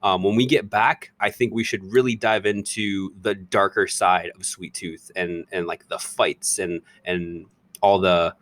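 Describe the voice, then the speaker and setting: A man's voice: low-pitched, steady tone, measured pace, fairly bright tone. A man hosting a casual podcast, talking loosely and rambling with easy laughs. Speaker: podcast host.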